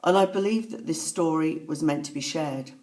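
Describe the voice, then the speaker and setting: Woman, lowish voice, soft and halting, reflective personal testimony. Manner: soft-spoken, halting, with pauses and fillers. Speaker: author recounting a personal story.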